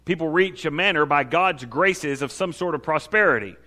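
Guy preaching a sermon, reads scripture out with lots of emphasis, bright sharp voice. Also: on the high side, moderate pace. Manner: reads scripture aloud with rising and falling emphasis. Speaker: pastor.

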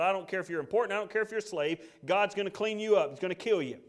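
A man preaching a sermon, emphatic, swinging between loud declarations and hushed asides, and reading scripture aloud. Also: sits high, quick pace. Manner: reads scripture aloud, voices God in quotes. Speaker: pastor.

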